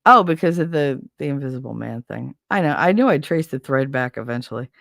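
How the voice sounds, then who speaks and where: Speaking a little fast with vocal fry, a woman with an extremely low voice hosts a casual show in a studio-quality recording with no room sound. She's an animated storyteller who rambles, swears a lot, and takes on a viewer's comment.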